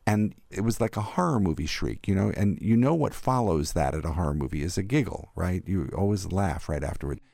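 An older man, an arts critic, recalling theater memories in a thoughtful, animated interview. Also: sits low, creaky, dry recording. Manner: thoughtful, warmly animated storyteller. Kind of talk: reflective storytelling in an interview.

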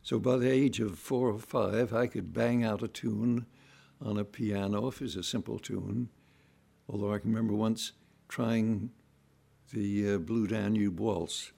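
Give me a man with a husky, gravelly voice, telling folksy anecdotes. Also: lowish voice, a little slow, mellow. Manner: folksy, acts out voices and sounds. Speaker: musician telling family stories. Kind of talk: relaxed anecdotal storytelling.

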